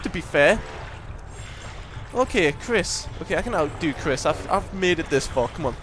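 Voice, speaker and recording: A man talks through a horror game in a high, very lively voice, cursing under his breath and then yelling in panic. The game's noise sits clearly under his voice. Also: normal speed. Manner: jumpy, swears, swings from muttering to panicked shouting. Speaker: gaming commentator. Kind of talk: horror game let's play commentary.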